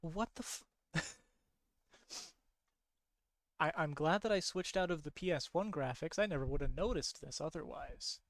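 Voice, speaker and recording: Sleepy rambling man, slightly high voice. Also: normal speed, vocal fry, long pauses, no room sound. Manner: rambling, repeats himself, easily excited. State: sleepy, yawning. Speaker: streamer. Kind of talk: casual gameplay commentary.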